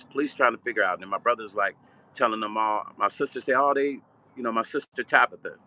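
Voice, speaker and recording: A man's voice: mid-range voice, slight background noise. An older man from Chicago telling a personal story in a vivid, blunt, street-style way. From Chicago, Illinois. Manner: vivid, animated storytelling, repeating "right?". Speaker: vlog host and musician.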